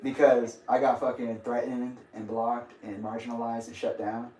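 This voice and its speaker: A man's voice: mid-range voice, little pitch movement, normal speed, warm tone, a little hiss or hum. A young man hosting a casual livestream, rambling and grumpy, laughing often. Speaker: livestream host. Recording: echoey room.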